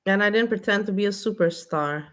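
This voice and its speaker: A woman's voice: mid-range voice, fairly quick, a bit bright. Blunt ranting woman vlogger. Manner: blunt, exasperated, repetitive. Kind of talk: casual ranting monologue.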